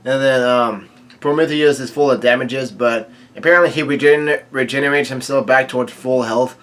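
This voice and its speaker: A man casually reading a comic chapter aloud, quoting lines and adding his own quick asides. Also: mid-range voice, fairly even intonation, a bit bright. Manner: reads quoted lines aloud with brief reactions and asides, many fillers. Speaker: manga reading commentator.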